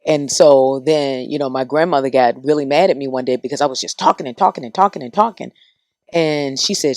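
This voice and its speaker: Middle-aged woman radio personality, animated storyteller, dry close studio sound. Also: rumbling low, fairly quick, no echo. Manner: lively, animated storyteller acting out quotes. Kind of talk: casual podcast storytelling.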